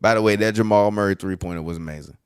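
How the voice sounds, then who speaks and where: A man co-hosting a podcast, reacting live to a basketball game with excitable, profane mock play-by-play. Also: fairly low pitch, racing, clean tone, no room sound, clean studio sound. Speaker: podcast co-host.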